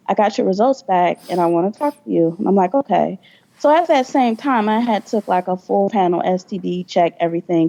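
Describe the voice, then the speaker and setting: A woman's voice: medium pitch, warm tone, dull audio. A young adult woman, a podcast guest, telling her story candidly with blunt profanity and acted-out quoted dialogue.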